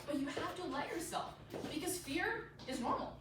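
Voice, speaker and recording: A woman with a high, bright voice teaches a public speaking lesson to a class. She keeps checking in with her listeners and acts out the thoughts of a nervous speaker. She is far from the mic, in a very echoey room with audible background noise. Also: moderate pace. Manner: lively, tags lines with "right?", acts out quoted inner voices. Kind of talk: classroom lecture.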